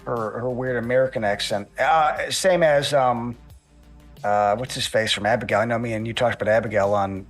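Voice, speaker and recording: A man's voice: mid-range voice, normal speed, soft background music. A man chatting casually as a podcast guest, rambling and swearing, often restarting his sentences. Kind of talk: casual chat.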